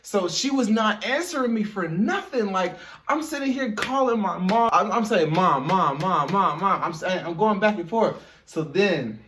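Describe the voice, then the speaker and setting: A young man, telling a childhood story in a casual, animated way and talking straight to his viewers. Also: sits high, normal speed, far from the mic, a little hiss or hum. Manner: animated, chatty, addresses viewers directly. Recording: echoey room, off-mic.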